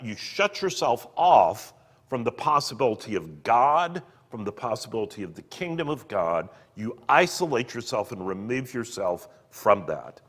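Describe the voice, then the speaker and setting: A man reading book passages aloud and explaining them in an earnest, expressive way, with occasional fillers. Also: mid-range voice. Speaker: podcast co-host discussing a book. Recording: long reverb on the voice.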